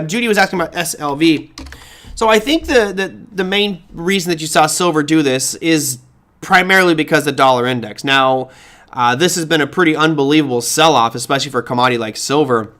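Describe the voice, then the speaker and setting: A middle-aged man hosting a live market-commentary stream, answering viewer questions in a conversational, animated way with rhetorical questions and frequent restarts. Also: a little high.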